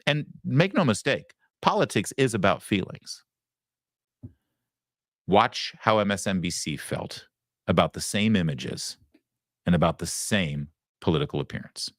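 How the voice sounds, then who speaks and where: Sarcastic low-voiced male host. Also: lively intonation, unhurried, long pauses, a bit bright, no echo, clean studio sound. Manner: sarcastic, mocking, emphatic. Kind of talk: opinionated commentary.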